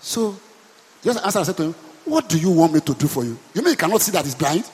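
High-voiced Nigerian pastor preaching. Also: male voice, big pitch swings, fast talker, husky, big-room sound. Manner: emphatic call-and-response preaching. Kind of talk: preaching a sermon.

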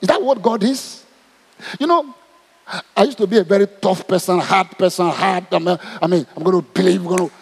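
High-pitched, creaky, and breathy, this Nigerian-accented preacher speaks a little fast. He questions the crowd animatedly throughout his sermon, his voice ringing with long reverb from the hall.

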